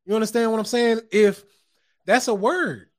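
A man with a high voice talks in a loose, preachy podcast monologue. He chuckles often and drops curse words casually, a host working from his own studio. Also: moderate pace. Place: home studio.

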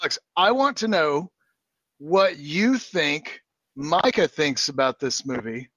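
A man in a casual podcast chat, speaking in a playful, deliberate way. His voice is a touch high, and the sound is dry and close. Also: animated, fairly bright tone, slightly rough, no room sound, highs cut off. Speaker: podcast co-host.

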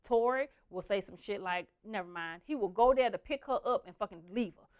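A young adult woman telling family stories in a casual, profane, animated way, slipping into the voices of her relatives. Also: a little high, a little fast. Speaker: storyteller. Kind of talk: casual storytelling.

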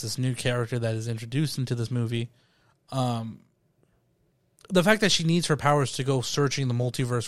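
A man chatting casually as a podcast host, animated and quick to circle back on his words. His voice sits at an ordinary middle pitch and sounds close and dry, with no room around it. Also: no room sound. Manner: animated, repeats words when thinking. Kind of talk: casual chat.

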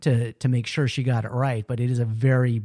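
A man co-hosting a casual podcast chat. His voice has a mellow, rounded tone and sits in a plain middle pitch. He rambles, trailing off and restarting sentences, in a dry close-miked sound. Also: flat delivery, fairly quick, dry recording. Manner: rambling, many restarts and asides. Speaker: podcast co-host. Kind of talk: casual chat recapping a TV episode.

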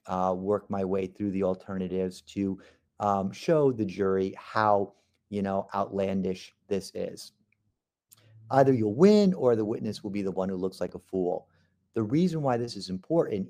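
Man with a mellow, low voice. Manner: measured, with frequent fillers and restarts. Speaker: legal instructor. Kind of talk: podcast lecture on courtroom technique.

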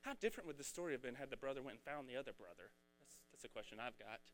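A man preaching a casual, energetic sermon, talking in a rambling, conversational way. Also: medium pitch, rapid-fire, a little hiss or hum. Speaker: pastor.

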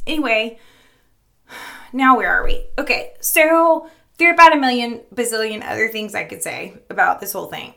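A middle-aged woman talks candidly in a personal vlog, her voice on the high side, creaky and fairly bright. She rambles, laughs often, loses her thread, and grows tearful at times.

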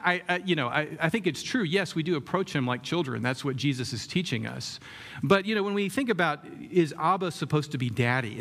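Man, preacher, relaxed sermon, asks the room questions, fillers, slightly raised pitch. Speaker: pastor.

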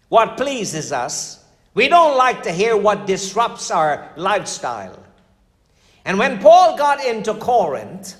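Older guy pastor preaching, high-ish voice, chatty storytelling sermon, echoey hall. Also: a bit bright. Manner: storytelling, conversational preaching with dramatic drops in voice.

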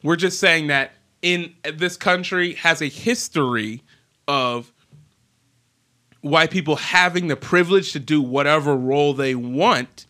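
Bright-voiced chatty man. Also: fairly high pitch. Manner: animated, laughs often, quick asides. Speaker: podcast co-host. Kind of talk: casual chat.

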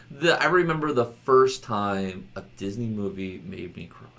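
A man hosting a casual podcast chat, rambling and laughing often, his voice a bit rough from a loud night out. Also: mid-range voice, fairly even intonation, takes it slowly. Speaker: podcast host.

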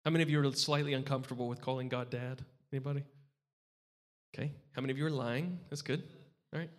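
A man's voice: medium pitch, fairly even intonation, fast. A pastor in his thirties preaching a sermon, talking in a conversational way and often asking the congregation questions. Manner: conversational, asks the crowd questions. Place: church hall. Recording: hall reverb in a church.

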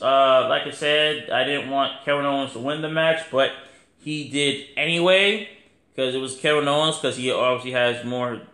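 In a reverberant space, a podcast host with a medium-pitched, fairly bright voice gives a casual wrestling review. His talk rambles and is full of slang and fillers.

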